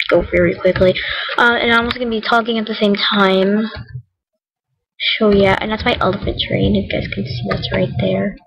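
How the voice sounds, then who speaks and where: A young female gaming vlogger with a slightly high, husky voice rambles casually while showing her game, often correcting herself, giggling, and mentioning that she's tired and cold. Her manner is chatty, and the recording has its highs cut off.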